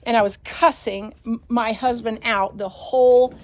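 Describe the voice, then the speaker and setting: A woman's voice: fairly high pitch, fairly even intonation, a little slow, a little hiss or hum. A woman dog breeder, ranting and swearing in a casual vlog as she walks around her deck. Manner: frustrated, swears constantly, ranting. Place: outdoors on a home deck.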